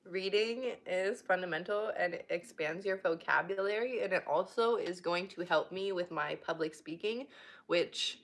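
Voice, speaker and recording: A woman's voice: fairly low pitch, fairly bright tone. A young woman casually reading a book aloud, breaking off to chat and laugh now and then. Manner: reads haltingly, stops to chat and laugh.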